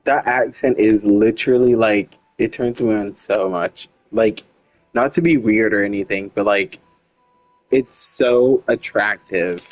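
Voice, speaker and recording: Slow-talking casual male streamer. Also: on the low side, dry recording, soft background music, poor audio. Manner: rambling, frank, sweary, lots of "like". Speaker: game streamer. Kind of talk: casual gaming chat.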